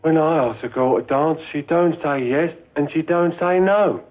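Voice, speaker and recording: A man plays a naive young private, simple and earnest, in a 1950s British film comedy. His voice sits a little high. The sound is dull and old. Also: normal speed, lightly acted. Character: young naive army private, slow-witted.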